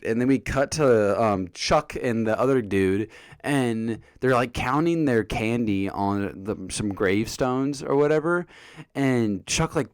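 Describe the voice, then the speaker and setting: A man casually reviewing a TV episode for his vlog, jokey and animated, often acting out the characters' lines. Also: medium pitch, clean tone, dry recording.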